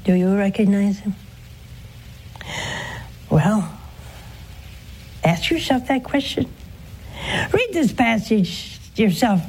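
A nun hosting a call-in show, preaching and answering callers in a slow, earnest way, swooping up in pitch for emphasis. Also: female voice, expressive, a little mellow, slight background noise, poor audio.

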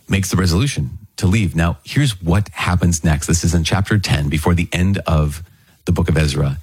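A man's voice: sits low, breathy edge, dry recording. A man preaching as a priest, giving a conversational, earnest homily on the day's scripture readings with frequent restarts and asides.

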